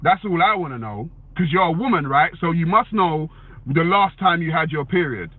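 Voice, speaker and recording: A man's voice: a little high, animated, normal speed, dry recording. A man giving a blunt, casual opinion monologue, swearing and answering viewer comments. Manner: blunt, swears, repeats "you know what I'm saying". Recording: tinny phone-like dry sound.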